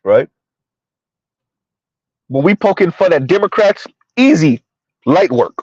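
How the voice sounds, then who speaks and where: A man's voice: on the high side, very animated, takes it slowly, darkish tone, husky, dry recording, lo-fi sound. Heated man ranting to his viewers. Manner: heated, repetitive, rhetorical questions to viewers. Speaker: commentary channel host. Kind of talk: ranting commentary.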